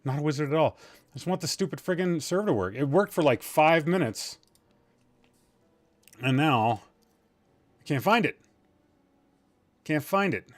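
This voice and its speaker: A man's voice: a little high, animated, moderate pace, pauses often, no room sound. A man hosting a casual gaming stream, rambling and joking in a self-deprecating way, swearing now and then, tired and a bit loopy. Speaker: podcast host. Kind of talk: casual gaming livestream chat.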